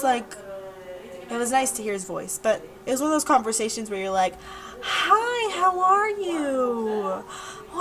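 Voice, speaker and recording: A woman's voice: a little high, rough recording. A young woman talking casually to her webcam in a diary-style vlog, rambling and repeating herself. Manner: rambling, chatty, repeats words. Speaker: vlogger.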